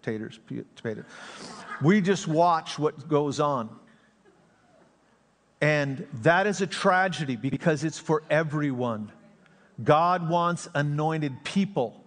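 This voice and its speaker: A male pastor preaching a sermon, telling stories with jokes and dropping his voice for asides. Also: fairly high pitch. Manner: joking, storytelling, drops voice for asides. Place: church sanctuary. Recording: long reverb of a church sanctuary.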